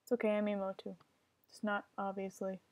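A woman's voice: medium pitch, monotone, fairly quick. A young woman giving casual commentary while playing an online game, often frustrated and swearing at other players. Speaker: gamer.

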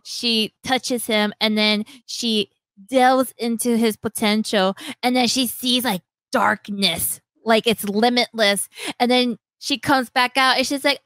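A young woman hosting a podcast, animatedly retelling a story, acting out lines in quick voices and laughing often. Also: fairly high pitch, fairly even intonation, a bit bright, no echo. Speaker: podcast host. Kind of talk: casual chat retelling a story.

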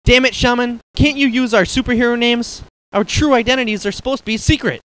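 A man's voice: extremely high pitch, fairly bright tone. A teenage boy playing a bossy, hot-headed teen superhero leader in an amateur comedy sketch. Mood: irritated. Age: late teens. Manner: bossy, quick to anger.

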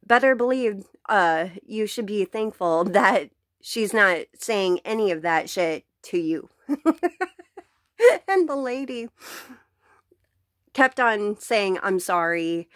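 A woman's voice: medium pitch, animated, slow, pauses often, dry recording, clean studio sound. A woman venting bluntly to camera about her day, swearing freely and laughing between sentences, recorded at home. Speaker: vlogger. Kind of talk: casual venting rant to camera.

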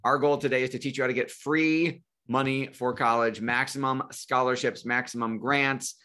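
A man's voice: mid-range voice, bright, forceful tone. A man in his forties hosting a live financial webinar, telling a personal story and acting out phone calls with family.

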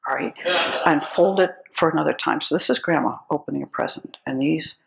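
Speaking briskly in a deep, creaky voice, an older woman from the United States gives a lecture full of wry, funny stories that make her chuckle. The audio is poor, with a little hiss or hum.

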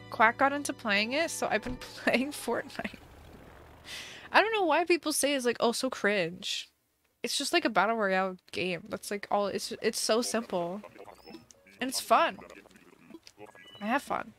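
A woman's voice: a little high, a bit bright. A woman live-streaming a game, casually reading viewer questions aloud, playful and giggly with bursts of mock outrage.

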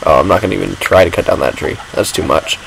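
A man's voice: low voice, fast talker, creaky, heavy background noise. A man giving rambling, self-mocking commentary while playing a video game. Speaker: gaming vlogger. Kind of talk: casual gameplay commentary.

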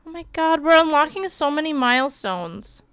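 A woman streaming live, commenting on a life-sim game with animated outbursts and quick read-outs. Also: sits high, no room sound.

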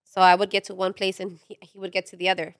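A woman co-host with a gravelly edge to her voice, talking casually and adding her own stories to the chat. Her pitch sits in the middle, and the sound is dry and close. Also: monotone, fast talker, dry recording. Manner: chimes in with short remarks and her own stories. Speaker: podcast co-host.

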